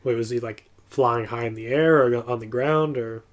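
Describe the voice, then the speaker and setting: A man's voice: medium pitch, normal speed. A young man co-hosting a casual podcast, giving short replies and asking follow-up questions. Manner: flat, short responses and questions. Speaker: podcast co-host. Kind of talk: casual chat.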